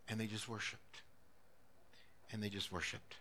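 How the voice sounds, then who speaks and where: A middle-aged man preaching a sermon as a pastor, impassioned, swinging between loud urgency and hushed, intimate passages. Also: on the low side, flat delivery, measured pace, slight background noise.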